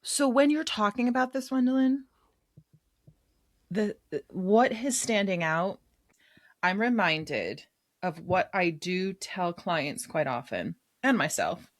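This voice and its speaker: A woman podcast co-host who speaks in a reflective, affirming way. Her pitch moves a lot, giving her an expressive sound. She talks like a counselor chatting casually. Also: slow, no echo, clean studio sound. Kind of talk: casual chat.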